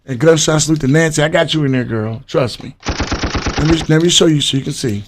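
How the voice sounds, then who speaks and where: Man doing a live podcast stream, bit higher voice, chatty, talking to his viewers. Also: fairly quick, background noise. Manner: loose, chatty, talks straight to viewers. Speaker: livestream podcast host. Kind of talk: casual live-stream chat.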